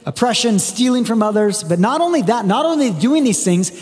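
High-voiced man preaching in a reverberant hall. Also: animated, brisk, a little mellow. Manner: conversational preaching, reads scripture aloud with emphasis. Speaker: pastor. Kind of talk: sermon.

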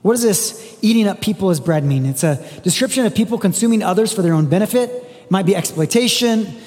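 High-voiced man preaching in a reverberant hall. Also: lively intonation, fast talker, darkish tone. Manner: conversational preaching, reads scripture aloud with emphasis. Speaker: pastor. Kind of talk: sermon.

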